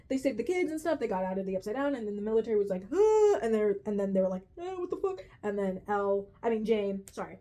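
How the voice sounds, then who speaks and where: A woman's voice: a little high, mellow. Profane, exasperated woman ranting. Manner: profane and exasperated, says "bro" often; rambling, restarts and self-corrections. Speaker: vlogger reviewing a TV finale. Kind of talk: casual rant to camera.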